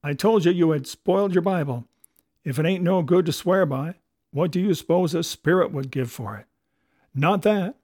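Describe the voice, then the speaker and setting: A man doing a gruff, defiant old pirate captain. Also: a little high, moderate pace, darkish tone, no echo, studio quality, natural voice. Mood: mocking. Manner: gruff sea-dog dialect, defiant. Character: blustering old one-legged pirate captain.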